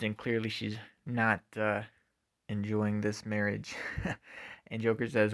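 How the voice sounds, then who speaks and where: A man's voice: lowish voice, monotone, slow pace. A man giving a casual spoken comic book review, hesitant with frequent ums and uhs.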